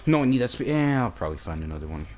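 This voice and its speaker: A man giving excitable commentary while playing a game, swearing and joking at the creatures and jumping from calm mutters to shrieking yells. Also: medium pitch, quick pace. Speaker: gameplay commentator.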